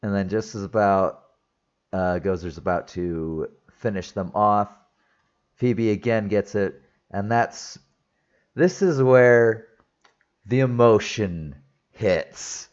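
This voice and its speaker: A very low-pitched man talks slowly through a film recap in a rambling, casual way, full of fillers and restarts. He sounds teary-eyed and emotional. The audio is dull and lo-fi. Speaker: movie reviewer. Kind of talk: casual spoiler review.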